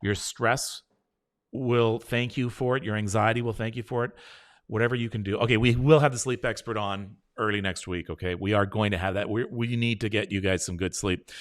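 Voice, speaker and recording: A middle-aged man hosts a live show, reading viewers' comments and guiding a slow breathing exercise while offering reassurance and encouragement. His voice is lowish and his tone steady.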